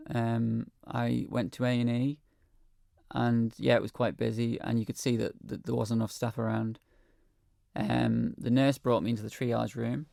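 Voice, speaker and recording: A man's voice: medium pitch, vocal fry, a little mellow, no echo, studio quality. A man speaking as a guest in a radio interview, earnest and hesitant, with many ums. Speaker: guest, hospital patient. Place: radio studio.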